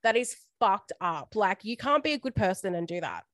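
A woman's voice: mid-range voice, sing-song, normal speed, fairly bright tone, no room sound. A woman co-hosting a podcast, chatting casually and gushing, with free swearing. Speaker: podcast co-host. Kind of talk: casual chat.

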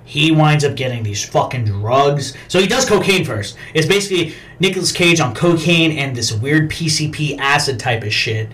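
A man's voice: a little high, expressive, normal speed, few pauses, fairly bright tone. A man co-hosting a podcast, casually retelling a film scene in a profane, rambling way. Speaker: podcast co-host. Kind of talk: casual chat.

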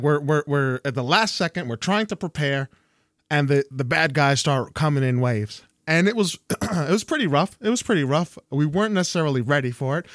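A young man co-hosting a casual chat, telling a story with lots of restarts and jumping up in pitch whenever he quotes someone. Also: no echo, studio quality. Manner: animated, jumps high when quoting people.

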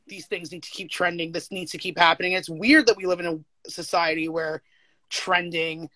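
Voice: mid-range voice, steady tone, normal speed, bright, forceful tone, a little hiss or hum. A teacher as a guest in a casual chat, talking candidly with frequent swearing and filler words. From United States.

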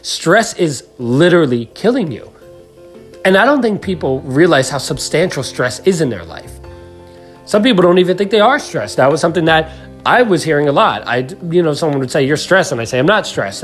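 An earnest male podcast host talks the listener through stress in a coaching, direct-address way. His voice sits a little higher than most men's, and soft music plays underneath. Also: animated, fairly quick. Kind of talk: motivational self-help talk.

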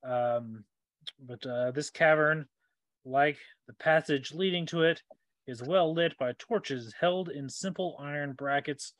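A man narrating as game master, describing scenes in an unhurried way with lots of fillers. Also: a little high, fairly bright tone, no room sound.

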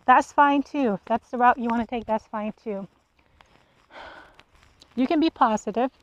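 A woman hosting a solo podcast delivers a blunt monologue rant packed with profanity and rhetorical questions. Her voice is a little high, at a moderate pace with frequent pauses, and the high frequencies are cut off.

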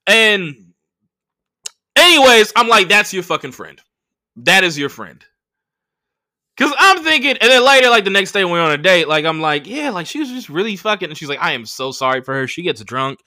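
A young man hosting a podcast, talking in a high, swooping, very bright voice. He tells a rambling dating story and curses freely. He acts out each person's lines in the story. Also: moderate pace, long pauses. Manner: profane, animated, acts out quoted voices. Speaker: podcast host. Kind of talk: casual storytelling monologue.

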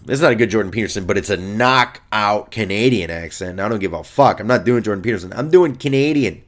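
A man's voice: fairly low pitch, expressive, brisk, few pauses. A young man hosting a podcast, riffing in a brash, profane and rambling way with mock boasts. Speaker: comedian and podcast host. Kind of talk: casual comedic monologue.

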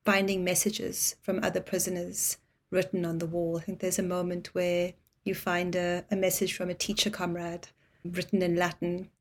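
Woman host asking long thoughtful questions, lowish voice, pretty flat delivery. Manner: measured and thoughtful, builds long sentences. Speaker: podcast host interviewing a guest. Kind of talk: reflective interview questions.

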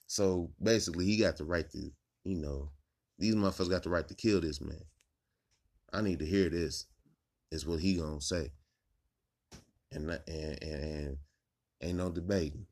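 A low-voiced man hosting a podcast late at night at home. He rambles and swears freely in loose, animated talk, a little tipsy. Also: moderate pace, pauses often. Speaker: podcast host. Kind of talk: casual late-night chat.

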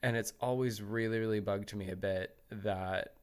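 A man co-hosting a casual podcast while he has a cold, relaxed and joking. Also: on the low side, moderate pace, clean tone. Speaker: podcast co-host.

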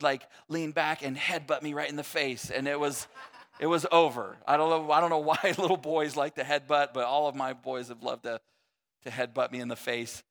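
High-voiced man preaching in a reverberant hall. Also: fairly even intonation, normal speed, fairly bright tone. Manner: conversational, self-deprecating, jokey asides. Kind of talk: sermon. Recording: long reverb of a large hall.

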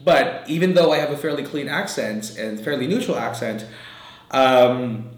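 A man's voice: medium pitch, normal speed, reverberant. A man from the Philippines with a slight Filipino accent, a photographer rambling through a casual podcast chat with many fillers. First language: Tagalog. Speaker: guest photographer.

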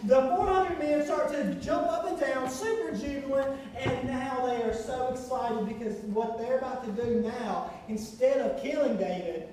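A man preaching a sermon, telling a story in an animated, fast, breathless way. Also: very high-pitched, a little hiss or hum. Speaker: pastor. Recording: echoey hall, far from mic.

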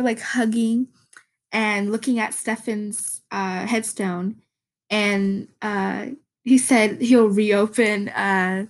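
A woman hosting a casual solo podcast, rambling, giggling often and searching for words. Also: mid-range voice. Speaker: podcast host.

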